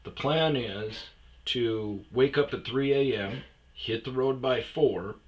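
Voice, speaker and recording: A man telling a rambling, profane story in a casual way, breaking into loud shouts when he acts out scenes. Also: medium pitch, slow pace, lo-fi sound. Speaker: storyteller host. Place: lives on a self-storage property in Arizona.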